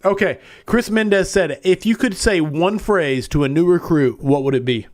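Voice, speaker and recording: A man's voice: high-pitched, moderate pace. A man hosting a live-streamed interview, eagerly reading out audience questions. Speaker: host.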